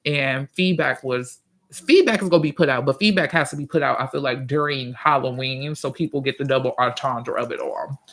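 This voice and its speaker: A man hosting a casual livestream, reading viewer comments and chatting in a profane, drawn-out way. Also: medium pitch, a bit bright. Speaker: livestream host and musician.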